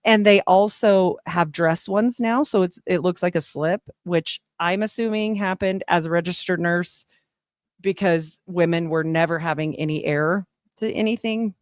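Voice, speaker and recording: A woman's voice: lowish voice, moderate pace, no echo, clean studio sound. A middle-aged woman giving a candid personal testimony in a chatty storytelling way, full of fillers. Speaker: guest sharing testimony.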